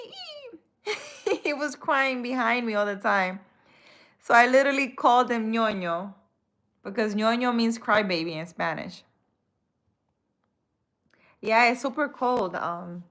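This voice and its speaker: Woman, spiritual healer on a live stream, unhurried and soft-spoken, hesitant, mid-pitched. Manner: soft-spoken, hesitant, answers chat comments. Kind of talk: casual live-stream chat.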